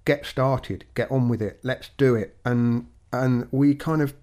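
A man co-hosting a podcast, talking in a measured, reflective way with frequent restarts. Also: mid-range voice, steady tone, a little mellow. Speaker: podcast co-host.

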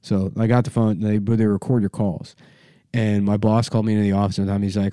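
A man's voice: on the low side, level tone, quick pace, dark tone, clean tone, no echo. A man in his thirties hosting a podcast, chatting loosely and joking around. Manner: loose, jokey, breaks into silly voices. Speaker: podcast host. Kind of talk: casual chat.

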